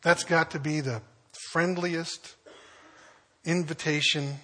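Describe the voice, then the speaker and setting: Husky-voiced pastor preaching in a folksy way. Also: male voice, a little high, fairly even intonation, slow, bright, forceful tone. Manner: folksy storytelling, chuckles as he goes. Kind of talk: conversational sermon.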